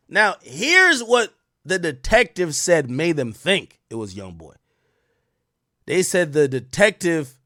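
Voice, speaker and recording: A man giving sarcastic live-stream commentary, mocking as he goes, jumping between loud outbursts and muttered asides. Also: a little high, no echo, clean studio sound.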